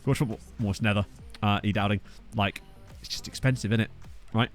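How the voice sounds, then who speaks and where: A young man chats casually as he streams a game, cracking jokes and riffing on the names in his chat. His pitch bounces around a lot, and faint music plays underneath. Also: lively intonation, brisk. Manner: jokey, riffing on viewers' names. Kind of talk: casual gameplay commentary reading chat.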